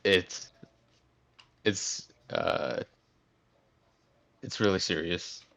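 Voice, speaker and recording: A man's voice: low-pitched, animated, drawn-out words, vocal fry, bright, forceful tone. A man playing a tabletop game, laid-back and easygoing, describing what his character says and does. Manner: laid-back, laughs often. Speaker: player. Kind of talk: tabletop game play, casual chat.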